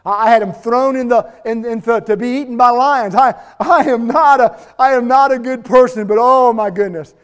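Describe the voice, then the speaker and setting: A man's voice: very high-pitched, moderate pace, few pauses, clean tone. A man playing the apostle Paul in a sermon, an earnest jailed man testifying. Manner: earnest, confessional.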